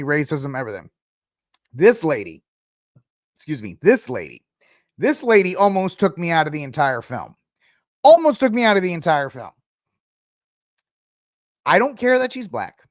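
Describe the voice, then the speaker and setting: A man's voice: high voice, no echo, studio quality. A man hosting a podcast, talking casually and rambling through opinions, mocking and exasperated at times. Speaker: podcast host. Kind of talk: casual commentary.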